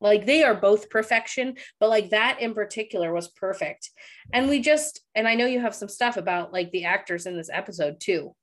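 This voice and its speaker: Recorded on a studio mic, this young woman co-hosting a laid-back recap podcast has an expressive, medium-pitched voice and a moderate pace. Tears come as she talks, and she laughs even while crying.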